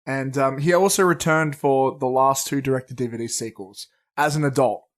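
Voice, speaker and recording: A man's voice: medium pitch, moderate pace. A man co-hosting a movie podcast in casual chat, rambling and swearing freely as he tells stories. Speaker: podcast co-host.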